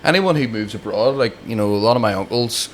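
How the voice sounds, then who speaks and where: A Belfast man chats easily as a podcast guest, circling his points and repeating words while he gathers his thoughts. His voice sits at an ordinary middle pitch for a man, with faint room ambience behind it. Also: fast talker, a little hiss or hum. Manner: relaxed, opinionated, repeats words as he thinks. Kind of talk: casual chat.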